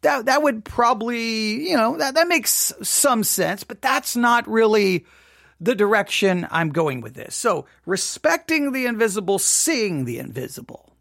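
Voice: medium pitch, animated, measured pace, creaky, fairly bright tone, no room sound, clean studio sound. Host musing over a devotional reading. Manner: asks listeners rhetorical questions and repeats phrases; reads article lines aloud and comments on them. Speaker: host of a daily devotional talk. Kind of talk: casual devotional talk.

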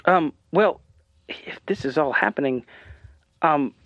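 A nervous, halting caller, voiced by a woman, who keeps stumbling and starting over. The voice is lower than her own and sounds dull and distant, as though coming from off the mic. It stays dry, with no room around it. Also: dry recording. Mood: worried. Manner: hesitant, halting. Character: hesitant worried man on phone.

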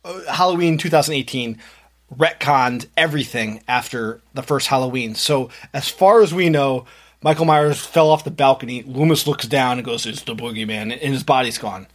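A man's voice: medium pitch, normal speed. A man co-hosting a horror podcast in casual chat, opinionated, explaining movie trivia and lore and swearing for emphasis. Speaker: podcast co-host.

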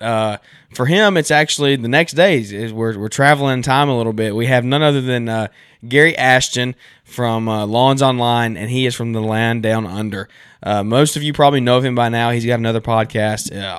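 A man's voice: mid-range voice, fairly bright tone, clean tone, no room sound, studio quality. Enthusiastic Southern American man hosting. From southern United States. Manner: enthusiastic, chatty with fillers. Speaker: podcast host. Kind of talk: casual interview chat.

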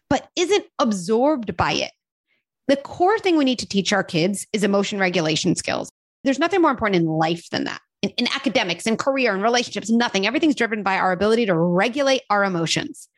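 A woman on a podcast talking about parenting and self-care in a casual, animated way, with lots of fillers. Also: medium pitch, fairly quick, no room sound. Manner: animated, uses many fillers and acted quotes. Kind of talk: casual conversational advice.

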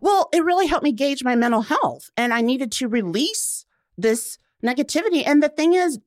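A young woman talking casually as a podcast guest, expressive and quick to laugh, acting out quotes as she speaks. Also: high voice, dry recording, studio quality. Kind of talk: casual interview chat.

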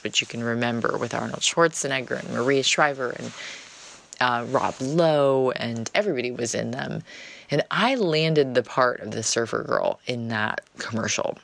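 A woman's voice: extremely low pitch, vocal fry, a bit bright, no echo. A woman telling a personal story in a casual, chatty monologue, often dropping "like" as filler.

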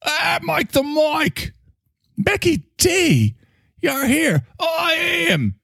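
A man's voice: very high voice, wildly swooping pitch, vocal fry, fairly bright tone, dry recording, pitched above the performer's own voice, full character voice. A man doing a cheery spirit with a mangled fake accent. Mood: delighted. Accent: muddled fake Australian-Cockney-pirate. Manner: bellowing, drawn-out, over-the-top cheer. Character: cheery male spirit, mangled accent, spouts recovery slogans.

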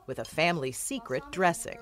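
Rich: A woman reading a news feature script with a lively, rising-and-falling delivery and a slightly low voice. She tells it like a story. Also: brisk. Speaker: narrator.

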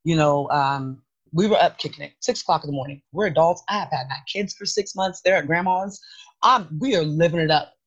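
A woman co-hosting a podcast, chatting casually and telling stories in an emphatic, animated way. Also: low voice, a little fast, dull audio. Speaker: podcast co-host. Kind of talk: casual chat.

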